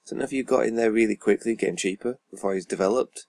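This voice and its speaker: A man's voice: lowish voice, rapid-fire, darkish tone, no room sound. A man giving casual gameplay commentary as a YouTuber, rambling and swearing under his breath as he reads out stats. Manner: rambling, swears and mutters asides. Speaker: YouTuber playing a football management game.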